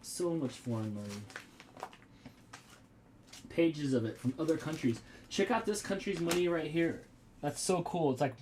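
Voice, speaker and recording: A man's voice: on the high side, noisy background. A man in his thirties hosting a casual home livestream, rambling and chatting with viewers and often exclaiming as he goes.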